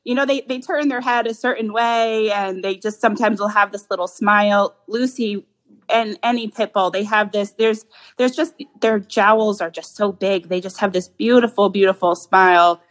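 A woman's voice: medium pitch, fairly even intonation, normal speed, a bit bright, poor audio. A young woman guest in a casual podcast interview, talking fondly and often restarting her phrases.

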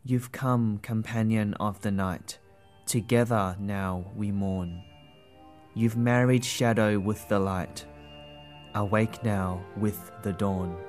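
Man doing a gentle storybook dove, soft lilting verse, lowish voice. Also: steady tone, slow, faint music behind. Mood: tender. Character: gentle female dove singing a song.

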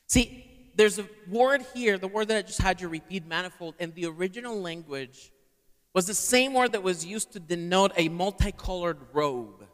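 A man's voice: sits high, fairly bright tone. A man preaching a sermon to a live congregation and having them repeat words back. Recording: long hall reverb.

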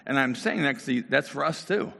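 A man's voice: mid-range voice, expressive, brisk, creaky, sharp tone, big-room sound. A middle-aged man preaching a casual, conversational sermon, talking directly to his congregation in a church. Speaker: pastor.

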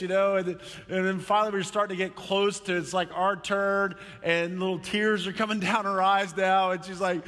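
A male pastor preaching a sermon in church, telling a story with lively energy and acting out quoted voices. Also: sits high, moderate pace, hardly any pauses, big-room sound.

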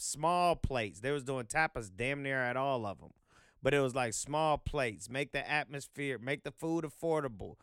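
A man's voice: mid-range voice, fairly bright tone, clear, resonant tone, no room sound, clean studio sound. A man hosting a vlog, talking in a loose, profane, rambling monologue full of fillers. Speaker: vlog host.

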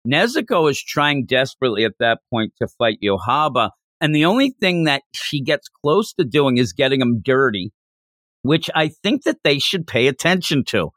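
A man hosting a casual podcast discussion, animated, acting out characters' lines as he talks. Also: mid-range voice, normal speed, no room sound, clean studio sound. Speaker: podcast host.

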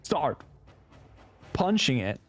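A man playing a tabletop game, explaining his attacks in a halting way with many fillers. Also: on the high side, very animated, over music. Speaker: player.

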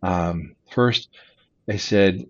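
A middle-aged man, a chaplain, telling stories in an unhurried, halting way, often chuckling. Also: deep voice, dull audio. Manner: unhurried, halting, chuckles softly while recalling. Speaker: hospital chaplain and disaster volunteer. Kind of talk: reflective storytelling in conversation.

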